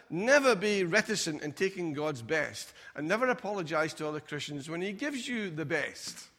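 A man's voice: high voice, a bit bright. A man preaching a sermon in a church, conversational, acting out doubters in mocking asides. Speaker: pastor. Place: church auditorium. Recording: long hall reverb.

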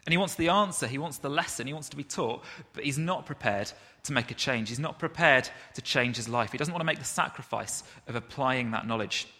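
Bright-voiced preacher in a reverberant hall. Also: male voice, medium pitch, fairly quick. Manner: conversational, self-deprecating storytelling. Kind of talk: sermon. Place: church hall.

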